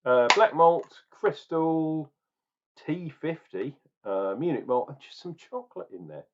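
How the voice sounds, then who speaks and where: Chatty middle-aged man, lively, lo-fi. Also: a little high, unhurried, background noise. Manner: chatty, jokey, rambling asides. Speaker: beer reviewer. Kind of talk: casual beer tasting vlog.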